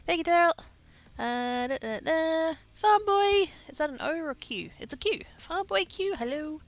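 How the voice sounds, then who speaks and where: A woman's voice: very high-pitched, lively intonation, normal speed, no echo, highs cut off. A woman with an Australian accent chatting casually on a live stream, rambling, laughing often and swearing casually.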